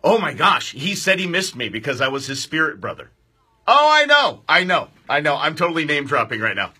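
Excitable, loud-voiced radio host man. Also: a little high, fast talker, slightly rough. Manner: excitable, loud, jokey, bantering with studio crew. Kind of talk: live outdoor talk radio. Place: radio studio.

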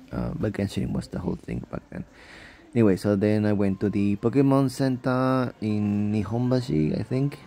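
Young male vlogger, low and mellow, gravelly, sleepy rambling delivery with frequent self-corrections. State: sleepy, just woke up. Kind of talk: casual travel vlog voice-over.

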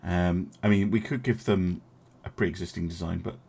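A young man casually commenting as he streams a strategy game, thinking aloud, chatting with his viewers and filling pauses with many ums and uhs. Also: low voice, steady tone, gravelly, darkish tone, husky.

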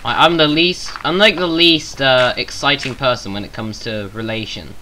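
A man's voice: medium pitch, moderate pace, pushed and bright, a little hiss or hum, poor audio. A man with a Southern English accent, rambling through casual gameplay commentary with self-mocking jokey asides. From England. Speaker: gaming YouTuber.

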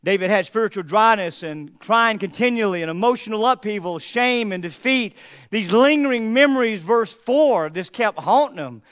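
A man pastor preaching a sermon, moving from hushed, heavy passages to emphatic, mocking asides. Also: high-pitched, lively intonation, normal speed, clear, resonant tone.

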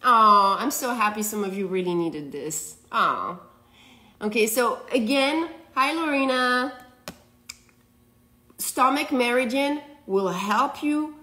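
A woman's voice: fairly high pitch, a bit bright. A woman giving a live astrology and tarot reading to viewers. She laughs often, rambles loosely, and keeps checking in with "okay?". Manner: loose, rambling delivery with restarts.

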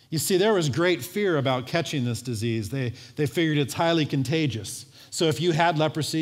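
A man preaching a sermon as pastor, telling a story in a lively way and acting out the voices of its people. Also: fairly high pitch. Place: church sanctuary. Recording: long church hall reverb.

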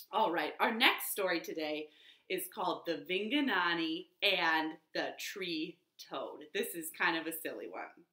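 A woman librarian reading picture books and rhymes to young children from her living room, in a slow sing-song way that coaxes them to join in. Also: fairly low pitch, expressive, bright, forceful tone, reverberant.

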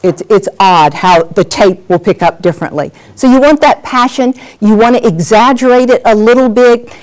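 Lively woman coaching on-camera skills. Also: a little high, normal speed. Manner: lively, animated, acts out examples. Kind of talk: workshop lesson.

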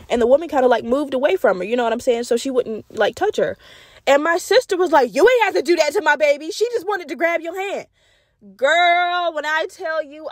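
A woman's voice: on the high side, no room sound, clean studio sound. A young woman, hosting a solo podcast and venting bluntly, with lots of swearing. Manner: blunt, profane, animated venting. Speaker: podcast host.

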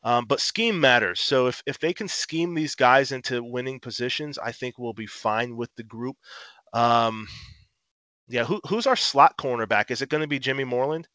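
A man co-hosting a casual sports podcast, an animated, profane fan who rants. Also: mid-range voice, normal speed, no room sound. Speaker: podcast co-host.

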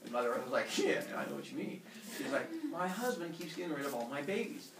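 A man's voice: quick pace, background noise. A man teaching a class, telling a myth as a comic story and putting on silly voices for the characters. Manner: animated, puts on squeaky voices for characters. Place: classroom with students. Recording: echoey room, far from mic, students audible.

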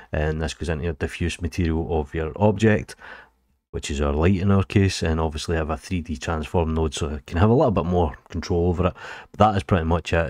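Deep-voiced Scottish man explaining software. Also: no room sound, studio quality. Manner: casual, chatty explaining with fillers. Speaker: 3D tutorial host. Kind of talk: screen-recorded software tutorial.

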